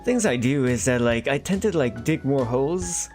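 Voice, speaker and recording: A man's voice: medium pitch, expressive, moderate pace, a little mellow. Rambling young man streaming with faint music. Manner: rambling, self-deprecating, laughs often. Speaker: art streamer. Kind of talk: casual live-stream chat.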